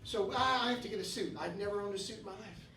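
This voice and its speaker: High-voiced man in his fifties doing stand-up. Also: fast. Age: 50s. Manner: storytelling, bursts into shouted rants. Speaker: stand-up comedian. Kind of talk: stand-up comedy set. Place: comedy club stage. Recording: roomy club sound from a distance. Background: audience laughing.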